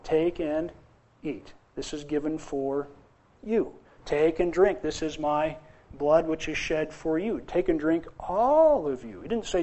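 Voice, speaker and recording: A man with a high voice delivers a sermon in an emphatic preaching style. He repeats key phrases and builds them with rising force. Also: a little mellow. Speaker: pastor.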